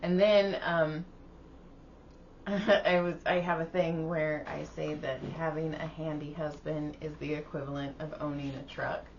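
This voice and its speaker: A woman with a lowish voice chats casually on a podcast, giggling through her stories. The audio is a bit dull, with a faint hiss. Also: steady tone, measured pace. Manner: giggly, chatty storyteller. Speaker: podcast host. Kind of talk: casual chat.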